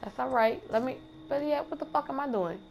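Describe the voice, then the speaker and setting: A woman's voice: sits high, a little fast, vocal fry, darkish tone, slight background noise. A woman streamer commenting on her gameplay in a casual, profane, trash-talking way. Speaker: gamer streamer.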